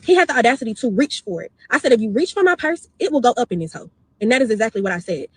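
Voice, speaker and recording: A young woman quickly retelling a bad salon visit in a storytime video, indignant and talkative. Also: on the high side, very animated, slightly rough, dry recording. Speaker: customer telling her story.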